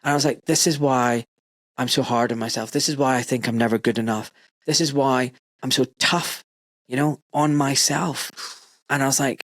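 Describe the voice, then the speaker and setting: A man's voice: mid-range voice, steady tone, normal speed, no echo. Forties male host, heartfelt storyteller who voices his own lines, dry booth sound. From United Kingdom. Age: 40s. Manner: emotional storytelling, acts out his own quotes. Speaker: podcast host. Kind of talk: casual chat.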